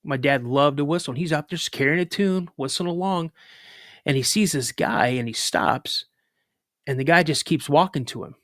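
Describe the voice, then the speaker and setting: A man who is a podcast guest, telling a story casually with lively retelling, filler words and restarts. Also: a little high, moderate pace, dry recording, clean studio sound.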